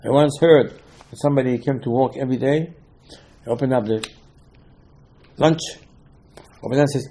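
A man teaching an animated Torah class, mixing Hebrew terms into his English and pressing rhetorical questions. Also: mid-range voice, normal speed, pauses often. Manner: repeats rhetorical questions, emphatic.

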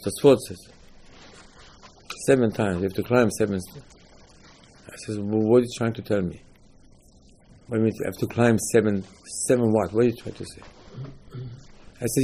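A man giving an animated Torah class, asking and answering his own rhetorical questions. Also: on the low side, slightly rough. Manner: animated, rhetorical questions, lively emphatic teaching.

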